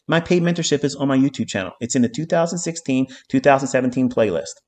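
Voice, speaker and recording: A man's voice: medium pitch, fast, few pauses, darkish tone. A man lecturing on trading in a heated live-stream rant. He swears constantly, repeats his lines for emphasis and keeps checking in with an insistent "okay?". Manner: heated, profanity-laden ranting with repeated phrases; emphatic, hammering points with "okay?".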